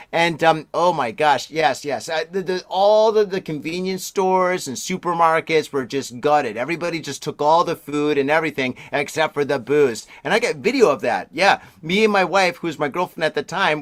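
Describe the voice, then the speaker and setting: A man in his forties hosting a podcast in a rambling, chatty way, exclaiming and laughing often, his voice a bit deeper while he recovers from strep throat. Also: fairly bright tone, dry recording, clean studio sound. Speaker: podcast host. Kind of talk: casual podcast chat.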